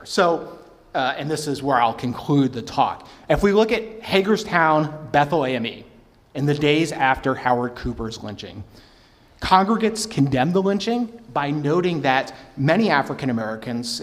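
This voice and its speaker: A man giving formal testimony as a historian, speaking in a measured way and reading quotations aloud. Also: fairly high pitch. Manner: measured, quotes sources aloud. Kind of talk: formal public talk with read quotations. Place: public hearing hall. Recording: reverberant hall.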